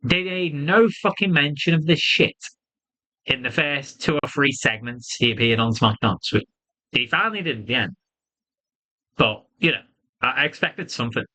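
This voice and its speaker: A man giving a casual solo wrestling review, animated and swearing freely, often laughing. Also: mid-range voice, normal speed, low-quality recording.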